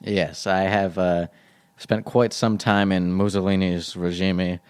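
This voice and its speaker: A man voicing a gruff, deadpan cowboy spy character in an improvised comedy podcast. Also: unhurried, slight background noise. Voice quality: deep, stern, deadpan. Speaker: podcast guest.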